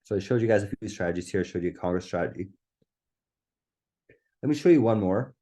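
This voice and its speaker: A man presenting a live webinar whose voice is getting hoarse. He talks with eager enthusiasm and keeps checking in with "right?". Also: sits low, animated, quick pace, mellow. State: voice going hoarse.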